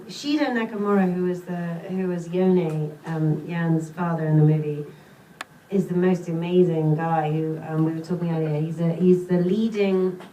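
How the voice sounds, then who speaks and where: A woman's voice: fairly low pitch, a little mellow. A woman with a British accent, an actress answering questions at a screening Q&A in a chatty, self-deprecating way. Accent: British English. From Britain. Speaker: actress and panel guest. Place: cinema theater, audience present. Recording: echoey theater, far from mic, faint hiss.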